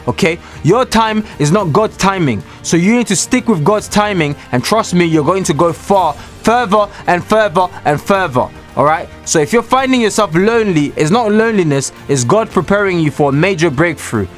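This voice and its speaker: A man with a somewhat high voice delivers a preachy motivational talk alone in a small room. He speaks straight to his viewers, emphatic and repetitive. Faint music plays underneath. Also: expressive, moderate pace, hardly any pauses.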